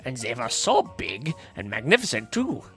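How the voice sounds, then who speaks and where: A man's voice: mid-range voice, huge pitch swings, normal speed, a bit bright. A man streaming a game live, chatting casually and wryly with some swearing while reading dialogue aloud. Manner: casual, profane, wry. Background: game music.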